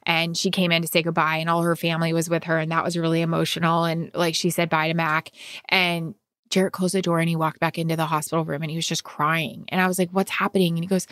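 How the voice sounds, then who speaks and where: Woman, lowish voice, dry close sound, heartfelt animated storytelling, casual podcast chat. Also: quick pace, dry recording. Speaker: guest.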